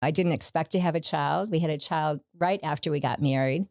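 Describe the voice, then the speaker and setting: A woman's voice: sits low, fairly quick, creaky, a little mellow, dry recording, clean studio sound. A middle-aged woman, a podcast guest, giving a personal faith testimony in an earnest storytelling way, acting out the quoted dialogue.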